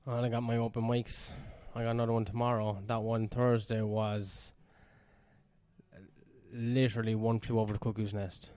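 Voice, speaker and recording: Guy cohost, crude deadpan one-liners, mid voice, dry. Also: mid-range voice, normal speed, no echo. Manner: blunt, crude, deadpan quips. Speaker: podcast co-host. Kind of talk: casual chat. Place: indoors.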